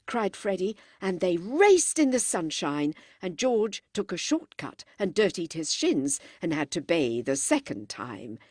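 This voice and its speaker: A woman narrating an audiobook with an expressive, animated reading on a close microphone. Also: medium pitch, no echo.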